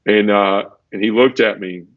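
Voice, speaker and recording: On dull, lo-fi podcast audio without echo, a male guest with a fairly low pitch shares his personal testimony at normal speed. His intonation stays fairly even, though he's emotional, repeats himself, and acts out sound effects.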